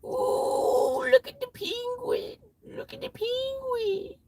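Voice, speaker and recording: Picture a goofy grown man squealing baby talk at a penguin, way up high as a woman puts him on. The voice carries a gravelly rasp and is quite drawn out. She records it from her parked car. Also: fairly even intonation, slow, darkish tone, heavily acted. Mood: cooing. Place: inside a parked car at night.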